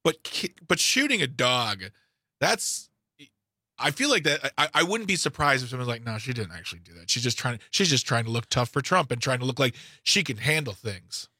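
A man's voice: medium pitch, animated, normal speed, pushed and bright, breathy edge, no room sound. A man co-hosting a radio talk show, joking and sarcastic in casual banter on a studio mic. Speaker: radio co-host.

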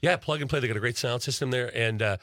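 A man's voice: mid-range voice, quick pace, fairly bright tone, a little hiss or hum. A man being interviewed as a guest entertainer, chatting casually and rambling with lots of fillers and restarts. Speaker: guest entertainer promoting a tribute show.

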